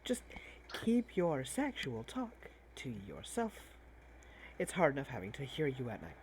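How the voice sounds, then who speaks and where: A woman's voice: very deep voice, huge pitch swings, a little slow, darkish tone, slight background noise, full character voice. A woman voicing a stern, threatening masked doctor. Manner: dry, clipped threats.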